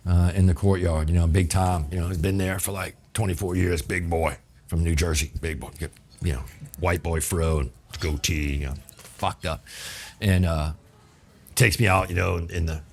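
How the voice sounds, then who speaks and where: A man's voice: sits low, a little mellow. A middle-aged man from New Orleans with a New Orleans accent, a chef telling stories in casual, profane, rambling talk full of "you know.". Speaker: chef telling his story as a guest. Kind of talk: casual storytelling.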